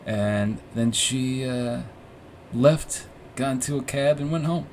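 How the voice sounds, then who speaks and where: A young man rambles through a personal story in a loose, profane monologue, laughing at himself and restarting his sentences. His voice sits at an ordinary middle pitch. A faint ambient hum sits behind him. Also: slow pace, darkish tone. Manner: rambling, profane, self-mocking, with frequent restarts and fillers. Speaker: podcast host. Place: room with warm orange lighting.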